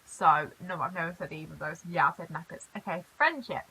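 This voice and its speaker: Woman, young adult, British accent, bright tense voice, casual reaction vlog, chatty asides. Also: low-pitched, expressive, a little hiss or hum, low-quality recording. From Britain. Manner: chatty, reads aloud and reacts with quick asides. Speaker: reaction vlogger.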